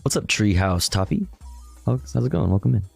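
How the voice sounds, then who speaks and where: A laid-back man with a low voice talks loosely to his viewers, cursing casually and reacting to clips as he goes. His speech is easygoing and unpolished, with faint music in the background. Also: lively intonation, fairly quick, creaky, a little mellow. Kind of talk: casual livestream chat.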